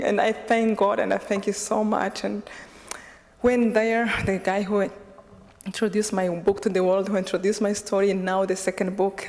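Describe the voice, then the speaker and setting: A woman from Rwanda, giving an animated public talk as a guest speaker and laughing often. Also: medium pitch, gravelly. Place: large hall with an audience. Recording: long reverb of a large lecture hall.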